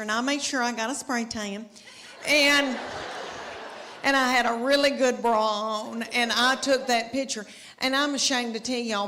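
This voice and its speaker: A woman's voice: fairly high pitch, pushed and bright, a little hiss or hum. A middle-aged woman telling stand-up comedy stories in a chatty, self-mocking way, with folksy asides to the crowd. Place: stage before a live audience. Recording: live stage recording with long reverb.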